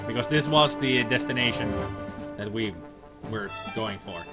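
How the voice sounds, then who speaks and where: A man's voice: lowish voice, measured pace. A man casually commenting while streaming a game, joking and reading game text aloud. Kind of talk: casual let's-play commentary. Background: game music.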